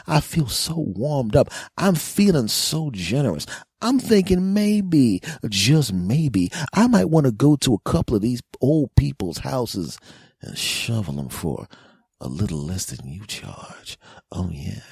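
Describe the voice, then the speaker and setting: A man's voice: low voice, lively intonation, normal speed, darkish tone, slightly rough, no room sound, studio quality. A man in his forties hosting a podcast, delivering a profane, mocking comedic rant. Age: 40s. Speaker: podcast host.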